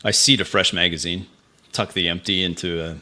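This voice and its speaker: A man's voice: deep voice, steady tone, fairly quick, pushed and bright. A man playing in a tabletop game, describing his character's moves in first person. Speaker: player.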